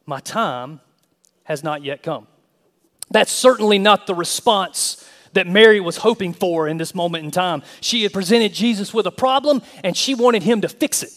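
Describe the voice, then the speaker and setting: A male pastor preaching a sermon in an animated, emphatic way with touches of humor. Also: high-pitched, moderate pace, long reverb tail.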